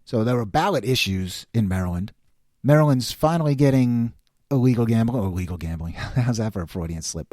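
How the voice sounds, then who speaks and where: A middle-aged man hosting a podcast, delivering an opinionated political monologue in a sarcastic, animated way. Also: lowish voice, no echo, studio quality. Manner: animated, sarcastic, quotes others in put-on voices. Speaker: podcast host.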